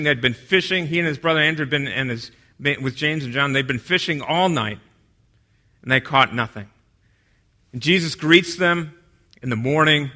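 A man preaching a sermon, moving from emphatic delivery to quiet, hushed retellings of scripture scenes. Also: on the high side. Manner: dynamic, drops to a hush for quoted lines.

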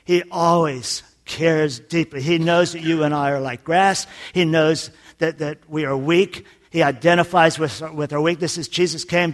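A man preaching a folksy sermon, his voice sitting a little higher than most men's. He drops to a near-confiding hush, then swells into loud emphasis, and breaks up the teaching with jokes. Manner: folksy, tells jokes, swings from soft to loud. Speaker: pastor.

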